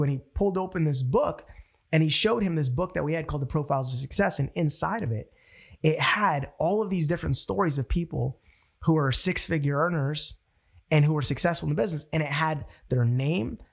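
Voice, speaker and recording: Male sales trainer, husky voice, slightly high, animated storyteller. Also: a little fast. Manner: animated storytelling, acts out quotes. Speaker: network marketing trainer. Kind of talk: motivational training talk.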